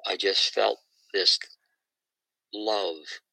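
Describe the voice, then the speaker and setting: Gravelly, husky man telling a story. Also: low voice, extremely slow, dry recording, low-quality recording. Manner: retells others' dialogue in a lively storytelling way. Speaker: interview guest. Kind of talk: conversational storytelling.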